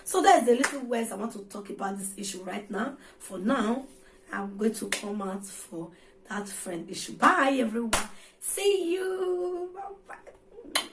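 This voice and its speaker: A Nigerian woman lectures her viewers in a vlog, her voice sitting high. She scolds and repeats her points, sliding between English, Pidgin and Yoruba. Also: animated, unhurried, background noise. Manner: scolding, preachy and repetitive. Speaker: vlogger. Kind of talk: ranting vlog monologue.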